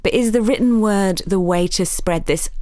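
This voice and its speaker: In a conversational interview, a woman from Yorkshire, England, an author and journalist, speaks earnestly about activism while throwing in self-mocking asides. Her medium-pitched voice has a darkish tone and moves at a normal speed. The recording is dry and studio clean.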